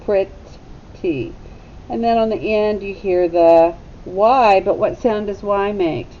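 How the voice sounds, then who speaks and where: A woman teacher giving a phonics lesson to young children, sounding out letters slowly and deliberately. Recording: slightly dull recording with faint rumble.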